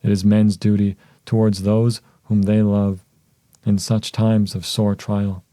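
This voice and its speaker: A man voicing a devoted young wife in an audiobook, soft and measured, with a very mellow, low voice. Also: level tone, no room sound, natural voice. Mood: solemn tender.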